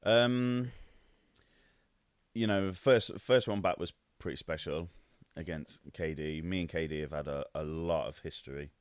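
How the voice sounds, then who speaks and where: A man's voice: sits low, a little slow, no room sound. A man talking as a podcast guest, a wrestler telling stories in a laid-back, easygoing way. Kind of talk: casual chat.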